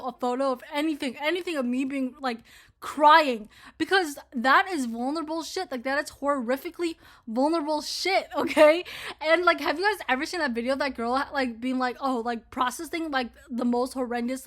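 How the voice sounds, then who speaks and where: Woman in her twenties, bright voice, casual rant, heavy swearing, lots of filler words. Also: sits high. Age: 20s. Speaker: vlogger. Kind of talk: casual ranting commentary to camera.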